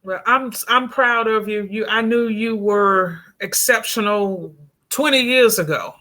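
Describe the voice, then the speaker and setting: A woman hosting a radio interview with a bright, ringing voice. She talks warmly and effusively, laughing often between her questions. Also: mid-range voice, a little slow. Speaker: radio show host. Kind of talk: casual interview.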